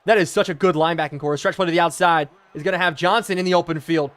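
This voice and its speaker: Young guy streaming football game, bit high voice, gets loud and hyped, keeps thanking chat. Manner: excitable, bursts into loud exclamations, thanks viewers rapidly. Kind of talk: live stream commentary while reading chat.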